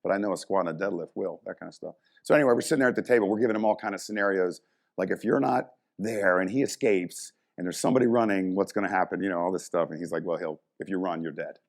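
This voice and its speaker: A man in middle age with a very low voice talks like a veteran strength coach. He tells stories casually and with energy. He swears easily and fills his pauses with "you know". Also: creaky. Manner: animated, swears freely, many "you know" fillers. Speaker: strength coach and motivational speaker. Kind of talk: casual storytelling talk.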